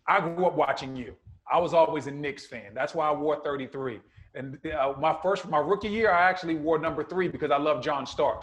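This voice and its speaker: A man co-hosting a podcast, telling stories in a lively, teasing way. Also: on the high side. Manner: animated storyteller, playful teasing. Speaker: podcast co-host, former player. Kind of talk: casual podcast chat.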